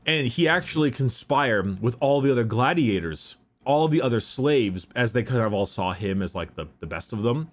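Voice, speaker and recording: A man retelling a long story in casual podcast chat, rambling and filler-heavy. His pitch is mid-range for a man but swings widely as he gets into the tale. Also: expressive, normal speed, few pauses. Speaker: podcast host retelling lore.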